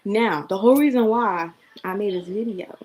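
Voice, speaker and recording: A young woman talks straight to camera in a personal vlog. Her pitch sits in the middle, and her delivery is earnest and casual. She repeats phrases and now and then drops to a whisper. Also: normal speed, darkish tone, poor audio. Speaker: vlogger. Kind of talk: emotional personal vlog monologue.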